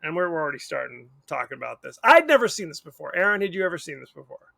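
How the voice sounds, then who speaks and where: A man's voice: a little high, very animated, fast, vocal fry, sharp tone, no echo. A man co-hosting a podcast, talking about a movie in a rambling, wry way and often correcting himself. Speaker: podcast co-host. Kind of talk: casual movie chat.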